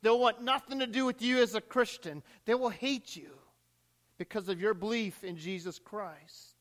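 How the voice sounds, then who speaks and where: A man preaching a sermon as pastor, swinging between rising cries and hushed drops, recorded in a church sanctuary. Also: high-pitched, normal speed, big-room sound.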